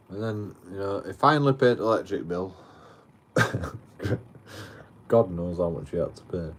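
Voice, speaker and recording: Man, lowish voice, casual rambling storyteller who swears a lot. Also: animated, a little slow, pauses often. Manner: rambling, heavy swearing, frequent restarts. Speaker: livestreamer. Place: outdoors.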